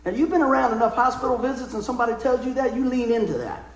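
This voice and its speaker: Folksy preacher, high voice, echoey room. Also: male voice, very fast. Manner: folksy, emotional storytelling with asides. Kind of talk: sermon.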